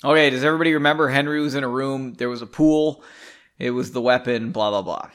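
A man's voice: mid-range voice, steady tone, fast, fairly bright tone. A man casually reading his own story aloud, breaking off for profane, self-mocking asides and rereading botched lines. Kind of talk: casual read-aloud with commentary.

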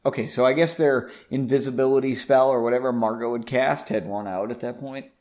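A man's voice: medium pitch, steady tone, a little fast, a little mellow. A man reading his own story aloud, breaking off for chatty, self-commenting asides.

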